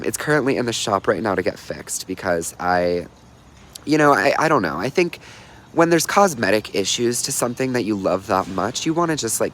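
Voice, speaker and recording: A man's voice: fairly low pitch, a bit bright, slight background noise. Chatty young man on a livestream. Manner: chatty and bubbly, reading viewer comments aloud. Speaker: livestream host. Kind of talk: casual livestream chat.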